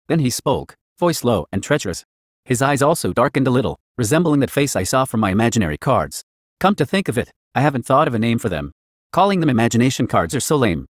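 A man reading a first-person fan fiction story aloud in an even, flat manner. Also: mid-range voice, brisk, no room sound, clean studio sound. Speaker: narrator.

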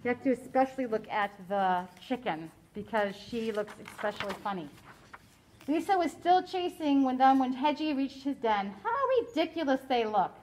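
A woman teacher reading a picture book aloud to children, animated, stopping to explain and ask questions in a classroom. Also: a little high, normal speed, a little hiss or hum, poor audio.

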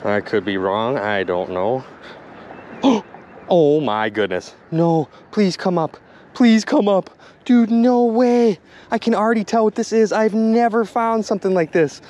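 A young man vlogging outdoors by the water, exclaiming excitedly to his viewers. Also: high-pitched, a little slow. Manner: excitable, exclaiming, addresses viewers as you guys. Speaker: magnet fishing vlogger. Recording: noisy outdoor recording.

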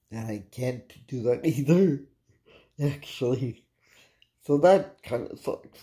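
A vlogger in a frustrated state, venting casually to viewers with a halting delivery, restarting sentences and swearing under the breath. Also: mid-range voice, warm tone. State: frustrated and irritated. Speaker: cannabis vlogger, host of own channel.

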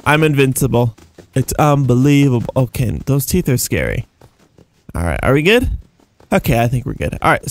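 A young man giving casual, rambling gameplay commentary as a YouTuber, excitable and jumping between high and low. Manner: excitable, rambling, jumpy pitch swings. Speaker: gaming YouTuber.

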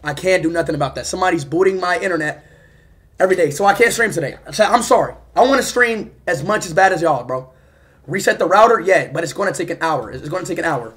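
A man's voice: sits high, lively intonation, fast talker, a bit bright. A male livestreamer talking casually to his chat, frustrated and swearing a lot. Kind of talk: casual live-stream talk to chat.

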